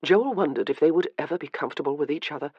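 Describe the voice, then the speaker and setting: A woman narrating a historical romance audiobook with measured, even scripted narration. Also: low-pitched, breathy edge, no room sound, highs cut off.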